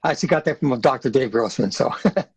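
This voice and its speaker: A man's voice: medium pitch, lively intonation, fast talker, a little mellow, breathy edge, no echo. A middle-aged man, a retired Marine, talking bluntly and emphatically in an interview, repeating words for stress. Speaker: podcast guest, retired Marine sergeant major. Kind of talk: conversational interview talk. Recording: dry, dull lo-fi sound.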